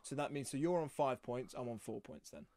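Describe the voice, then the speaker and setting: A man's voice: mid-range voice, lively intonation, a little fast, a little mellow. A young man co-hosting a casual podcast, chatty and mocking himself. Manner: chatty, self-mocking, laughing often. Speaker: podcast co-host. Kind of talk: casual chat.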